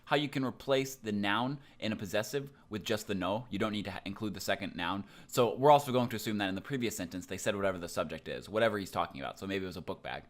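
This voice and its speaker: A young man with a fairly low voice walks through Japanese grammar in a relaxed, loose way, sprinkling in ums and likes as he explains. He sounds like a casual online language teacher. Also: quick pace, few pauses.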